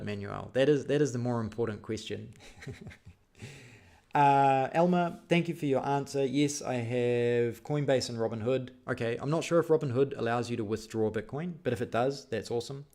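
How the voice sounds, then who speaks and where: A man's voice: medium pitch, normal speed, a little mellow. A man hosting a live stream, reading out viewer questions and answering them in a casual, rambling way with many fillers. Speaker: vlog host answering live chat.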